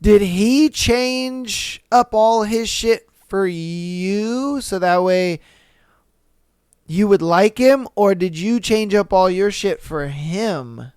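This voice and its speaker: A man's voice: high-pitched, slow pace, a little mellow, smooth, dry recording, clean studio sound. A young man hosting a podcast, reacting to listener stories in a loose, slangy way, swearing and laughing often. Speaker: podcast host. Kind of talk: casual podcast commentary reading listener stories.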